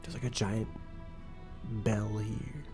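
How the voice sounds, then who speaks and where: A man's voice: fairly low pitch, flat delivery, slow. A young man streaming a game, giving casual, profane, rambling and joking commentary. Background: faint background music.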